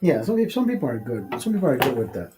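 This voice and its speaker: A man's voice: mid-range voice, very animated, fast talker, background noise. A man hosting a casual show, telling a long rambling anecdote full of swearing and acted-out quotes. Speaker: host. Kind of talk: casual storytelling chat.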